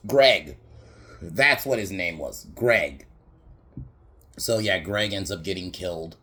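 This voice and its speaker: A man with a very low voice talks through a film's scenes in a loose, unscripted podcast recap. He wanders, swears casually and keeps breaking into laughter at the jokes he retells. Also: slow, pushed and bright. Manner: rambling, laughs often, swears freely, many fillers. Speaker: podcast movie reviewer.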